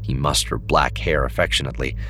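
A man narrating a novel as an audiobook in a steady storytelling manner. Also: rumbling low, fairly quick, soft background music. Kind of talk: scripted narration.

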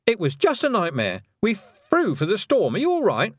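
A man's voice: high-pitched, huge pitch swings, normal speed, breathy edge, pitched above the performer's own voice, heavily acted. A man voicing a flustered, fussy witch woman who talks in nervous bursts.

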